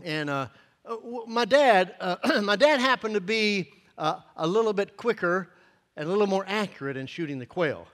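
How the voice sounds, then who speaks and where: A man's voice: high-pitched, expressive, normal speed, fairly bright tone. A man in his fifties preaching a sermon, telling a folksy story in an earnest way with many hesitations. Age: 50s. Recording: long echoing hall reverb.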